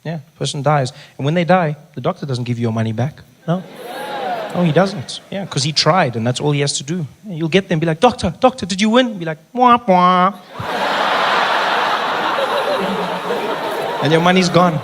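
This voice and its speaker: A man doing stand-up comedy, animated and exasperated, acting out dialogue. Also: on the high side, quick pace, noisy background.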